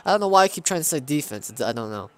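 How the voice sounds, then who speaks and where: A man calling his own video game football match in mock sportscaster style, with low asides between plays and excited shouts on big moments. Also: rapid-fire. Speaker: gaming channel host. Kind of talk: mock play-by-play sports commentary over gameplay.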